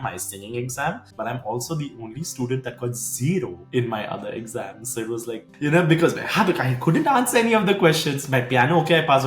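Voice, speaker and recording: A young man from India telling a story in a roomy space, with faint music playing under his voice. He speaks animatedly and slips into the voices of the people in his anecdote. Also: mid-range voice. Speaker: guest.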